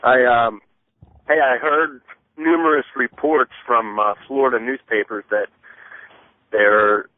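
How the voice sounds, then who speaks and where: A man calling in to a radio show, speaking in a low-key, matter-of-fact way. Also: steady tone, a little slow, long pauses, no echo. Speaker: radio caller. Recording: dry phone-line call.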